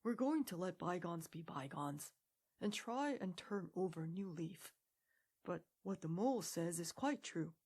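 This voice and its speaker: A woman voicing a stern, wise old male badger who speaks severely and quietly. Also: lowish voice, expressive. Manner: severe, measured, hushed.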